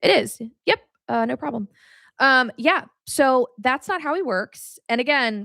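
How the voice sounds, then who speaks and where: A woman's voice: high-pitched, animated, unhurried, gravelly, a bit bright, dry recording, studio quality. A young adult woman hosting a podcast, teaching about faith in a blunt, casual way, cussing freely and ranting with animation. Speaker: podcast host.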